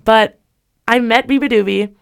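A woman's voice: on the high side, moderate pace, creaky, clear, resonant tone. A young woman hosts a casual podcast, telling a story in a chatty way with frequent "like". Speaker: podcast host.

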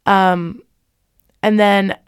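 A woman's voice: mid-range voice, little pitch movement, very slow, clear, resonant tone. A young woman hosts a casual podcast, telling a story in a chatty way with frequent "like". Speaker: podcast host.

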